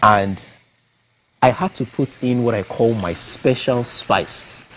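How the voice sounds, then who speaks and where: A man's voice: medium pitch, slow pace, fairly bright tone, a little hiss or hum. A man hosting a morning TV show, chatting in a playful, teasing way on a studio kitchen set. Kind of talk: casual studio chat.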